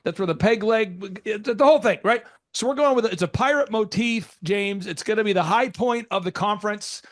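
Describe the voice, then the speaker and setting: High-voiced energetic male podcast host. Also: brisk. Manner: animated, jokey, rambling with restarts and put-on voices.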